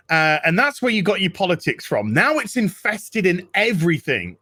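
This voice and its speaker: A man's voice: high voice, very animated, normal speed, pushed and bright. A man ranting with heavy swearing as a guest in a casual podcast chat. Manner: profane, ranting.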